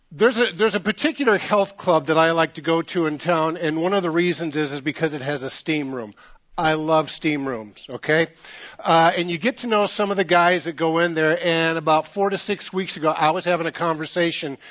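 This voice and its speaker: A middle-aged pastor with a fairly high voice preaches to his congregation. He keeps it casual and jokey and acts out the voices of people in his stories. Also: a bit bright. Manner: jokey, conversational, acts out quoted dialogue. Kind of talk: sermon with storytelling. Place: church sanctuary.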